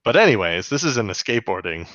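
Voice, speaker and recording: A man's voice: lowish voice, very animated, quick pace, a bit bright, no room sound, highs cut off. A man co-hosting a podcast in casual chat, joking, swearing freely and acting out quotes. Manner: laughs often, swears freely, acts out quotes. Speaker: podcast co-host. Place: home, on the US West Coast.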